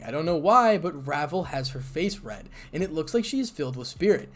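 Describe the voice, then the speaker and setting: A man's voice: a little high, big pitch swings, fast talker, few pauses, fairly bright tone. A man reading first-person fan fiction aloud in a conversational way. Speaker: narrator.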